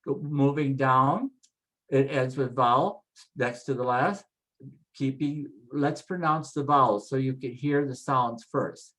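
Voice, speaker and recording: A pronunciation instructor teaching Spanish names, spelling out the vowels and repeating each name slowly and patiently. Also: medium pitch, fairly bright tone. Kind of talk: spoken pronunciation lesson.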